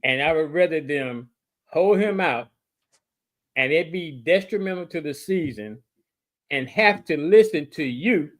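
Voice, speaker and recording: A man's voice: on the high side, animated. A man co-hosting a casual sports talk show, explaining himself over and over with growing exasperation. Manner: exasperated, repeats himself slowly. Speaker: podcast co-host.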